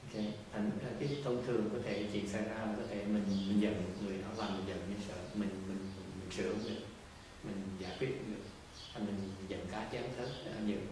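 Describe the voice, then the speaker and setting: A man's voice: on the low side, steady tone, quick pace, background noise. Man teaching in a very echoey room. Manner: conversational, repetitive restarts, teasing questions, chuckles. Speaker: teacher addressing a group. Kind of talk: informal talk to an audience. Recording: very echoey room, distant mic.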